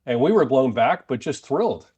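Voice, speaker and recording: A man's voice: mid-range voice, expressive, moderate pace, darkish tone, husky, muffled recording. Upbeat American man, jokey chat. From United States. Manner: upbeat, jokey, laughs often. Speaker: podcast co-host and radio presenter. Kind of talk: casual chat.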